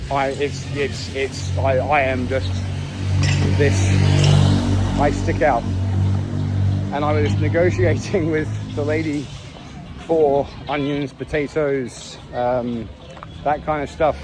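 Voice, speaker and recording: A man talking in a casual, wry travel vlog while walking outdoors on a busy city street. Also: fairly high pitch. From England. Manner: chatty, wry and self-mocking. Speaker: travel vlogger. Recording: noisy outdoor street recording. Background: street traffic and city noise.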